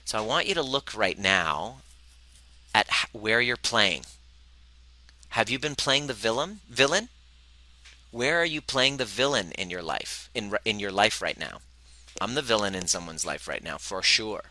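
A man coaching a live workshop audience, animated and profane, who speaks to them directly and acts out the voices of the people he quotes. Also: fairly low pitch, a little slow, poor audio. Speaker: relationship coach.

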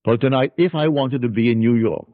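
Male spiritual lecturer, husky, emphatic teaching delivery, dry lo-fi archival sound. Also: medium pitch, fairly quick, dry recording. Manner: emphatic, quotes scripture, teaching. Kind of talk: metaphysical lecture. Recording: tinny archival lecture recording.

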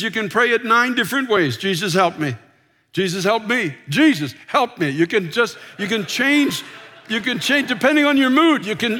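A man preaching from a church pulpit, his voice high and bright. He presses on with passion, repeating himself and sometimes dropping almost to a whisper. The sound carries a long reverb from the large sanctuary around him. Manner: passionate preaching, repeats words, dips into soft whispered prayers. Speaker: pastor. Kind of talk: sermon.

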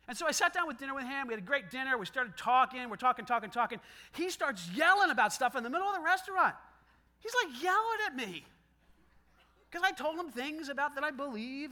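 High, bright, animated male preacher. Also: quick pace. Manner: animated, conversational, acts out dialogue, laughs often. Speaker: pastor. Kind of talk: sermon.

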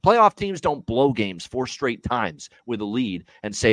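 Man, podcast host, heated rant, blunt and profane, swooping pitch, dry sound. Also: sing-song, unhurried, hardly any pauses, fairly bright tone, no echo. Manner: emphatic repetition. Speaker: co-host of a hockey betting show.

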